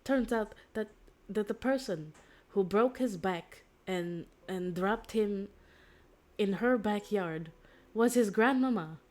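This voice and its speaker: A woman's voice: medium pitch, slow, darkish tone. A woman streamer casually retelling a story, rambling with fillers and restarts and acting out the quoted lines.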